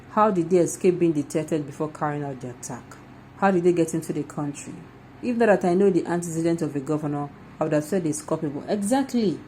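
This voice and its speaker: A Nigerian woman giving opinionated news commentary, animated, firing off rhetorical questions and slipping into Pidgin. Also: fairly low pitch, slight background noise, poor audio.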